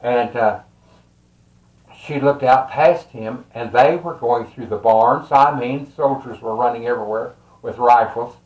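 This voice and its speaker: An older man with a Texas accent tells a family story in a casual, rambling way, with many fillers and soft chuckles. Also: medium pitch, unhurried, muffled recording. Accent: Texan. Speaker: storyteller and tarot reader. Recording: roomy echo.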